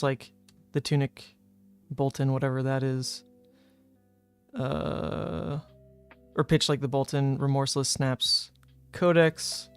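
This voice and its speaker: A man's voice: mid-range voice, clear, resonant tone. A young man from New Orleans, streaming a card game and chatting casually with viewers as he thinks through his plays aloud. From New Orleans, Louisiana, USA. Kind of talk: casual live-stream commentary.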